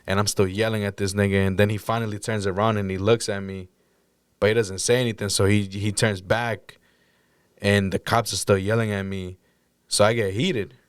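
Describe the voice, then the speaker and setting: A man on a podcast telling a story in casual, blunt, profane speech, acting out the moments when he shouted. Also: lowish voice, level tone, moderate pace, smooth, no room sound, studio quality. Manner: blunt, profane, acts out his own shouting. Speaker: podcast guest recounting a crisis.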